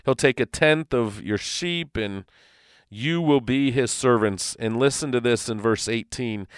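A man's voice: medium pitch, unhurried, clear, resonant tone, no echo, clean studio sound. A man teaching from the Bible on a podcast, earnest and conversational, with frequent restarts.

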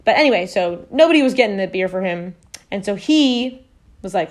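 A woman's voice: mid-range voice, lively intonation, fairly quick. Rambling woman telling a story. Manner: rambling, full of fillers and self-corrections. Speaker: podcast host. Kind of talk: casual storytelling. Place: at home.

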